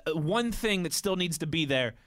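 A man hosting a casual sports talk show, animated and quick to laugh. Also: a little high. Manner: animated, laughs often, breaks into playful singing.

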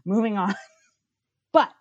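A woman's voice: medium pitch, slow, darkish tone, no room sound, lo-fi sound. Blunt, profane woman ranting in a podcast. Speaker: podcast co-host. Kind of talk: casual opinionated review chat.

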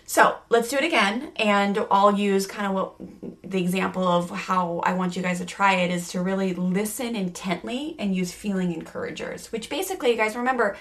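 A woman's voice: mid-range voice, normal speed, fairly bright tone. A woman hosting a parenting course who laughs often and talks through lists of points with energy. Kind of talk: parenting lesson with role-play.

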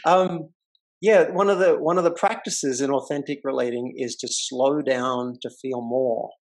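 In a medium-pitched voice and at a measured pace, a podcast host tells a story in a relaxed manner. He's animated throughout, imitating the voices of the people he quotes.

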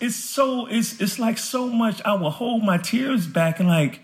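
A man's voice: extremely high pitch, expressive, unhurried, hardly any pauses. A man guest on a podcast interview, talking earnestly and with heartfelt fervor.

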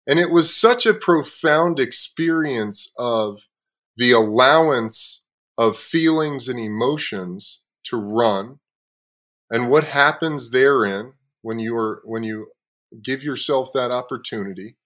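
A man hosting a podcast, telling a story in a casual, profane way with frequent laughs, sometimes dropping low and quiet. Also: slow pace. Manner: swears freely, laughs often. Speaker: podcast host.

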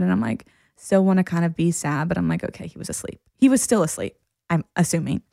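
A woman hosting a podcast, telling a personal story in a casual, animated way and laughing often as she goes. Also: on the low side, fast, vocal fry, no room sound, studio quality. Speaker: podcast host and therapist.

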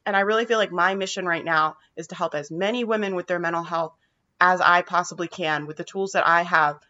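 Woman vlogging, low voice, fired up and a bit sweary, muffled lo-fi sound. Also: fairly even intonation, fairly quick, bright, forceful tone. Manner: emphatic, casual swearing, frequent "right?" tags. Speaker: mental health vlogger. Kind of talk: motivational monologue to viewers.

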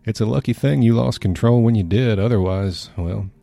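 A man's voice: lowish voice, normal speed, gravelly, warm tone, no room sound, voice pushed up. A man voicing an easygoing small-town police officer with a thick Southern drawl. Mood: folksy.

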